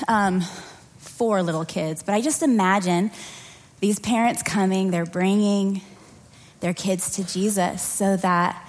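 A woman's voice: medium pitch, fairly even intonation, takes it slowly. A woman leading a prayer and then preaching in a church service, earnest and conversational, acting out little scenes as she tells them. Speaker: children's or family pastor. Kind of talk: prayer and sermon.

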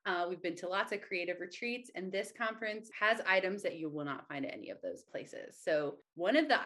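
A woman co-hosting a podcast, excitable and quick, with a self-deprecating humor. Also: mid-range voice. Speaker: podcast co-host. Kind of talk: casual podcast chat.

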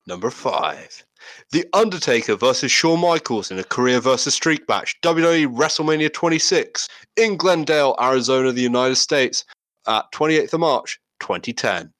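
A man's voice: medium pitch, moderate pace, no echo. A man hosting a wrestling podcast, reading a countdown entry in an announcer tone. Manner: reads countdown entries in a steady announcer tone. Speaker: podcast host. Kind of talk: scripted segment intro and casual chat.

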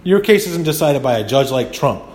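A man's voice: medium pitch, big pitch swings, moderate pace, a little mellow. A man hosting a podcast, talking in a rambling, indignant monologue full of restarts. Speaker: podcast host. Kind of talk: casual monologue.

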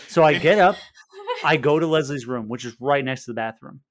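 A young man co-hosting a podcast, telling a crude story in a casual, animated way with frequent restarts. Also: medium pitch, a little fast, no echo. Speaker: podcast co-host.

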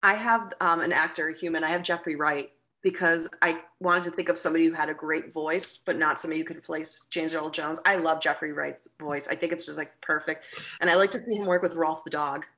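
A woman's voice: low-pitched, fairly even intonation, fairly quick, sharp tone. A woman as a podcast guest in casual chat, enthusiastic and laughing often, restarting her sentences.

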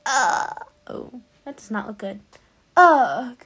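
A woman's voice: a little high, big pitch swings, slow pace, a bit bright, breathy edge. A woman chatting casually as she plays a game, reading its lines aloud and reacting along the way. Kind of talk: gameplay commentary.

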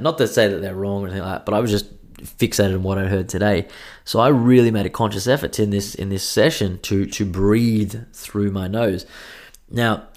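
Sweary congested bloke rambling. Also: male voice, lowish voice, a little mellow. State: congested from a cold. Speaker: podcast host. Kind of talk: casual solo podcast chat.

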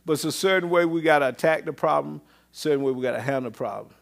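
A man preaching a sermon as pastor, swinging between loud exclamations and low murmurs, with repeated call-outs to the congregation. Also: fast talker, vocal fry. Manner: repetitive call-and-response phrasing.

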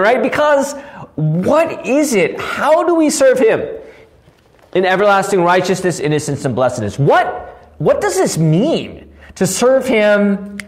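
A pastor leads a devotional Bible teaching in a fairly high, lively voice that swoops up and down. He keeps asking rhetorical questions, tags his points with "right?", and hammers key words home. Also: moderate pace. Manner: asks frequent rhetorical questions, tagging 'right?'; earnest, repeats key words for emphasis.

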